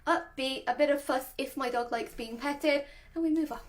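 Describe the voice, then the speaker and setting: A young woman, a dog trainer, giving relaxed advice to camera, chatty and quick to laugh. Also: high voice. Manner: chatty, laughs often, demonstrates voices. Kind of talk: casual explanatory talk to camera.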